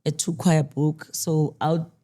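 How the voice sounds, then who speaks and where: Deep dark-toned woman telling her grief story, halting and open. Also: flat delivery. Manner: candid, halting, with restarts and quoted dialogue. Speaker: interviewee, grieving mother. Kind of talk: emotional personal storytelling.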